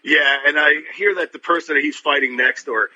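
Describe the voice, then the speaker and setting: A man's voice: on the high side, brisk, pushed and bright, dull audio. A man calling in as a boxing reporter guest, chatting casually and rambling a little. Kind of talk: casual radio chat.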